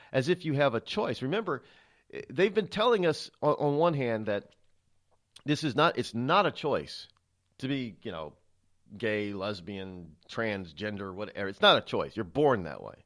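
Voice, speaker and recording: A male talk show host giving political commentary, halting often with restarts and sighs. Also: mid-range voice.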